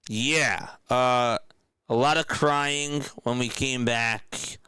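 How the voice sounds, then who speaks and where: A young man streaming casual radio-style play-by-play, chatting with viewers in a relaxed way between calls. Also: medium pitch, drawn-out words, smooth, no room sound.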